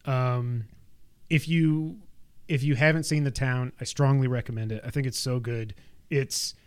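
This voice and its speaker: A man's voice: medium pitch, fairly even intonation, measured pace, clean tone. A man hosting a podcast, chatting casually about movies in an enthusiastic, talkative, rambling way. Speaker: podcast host.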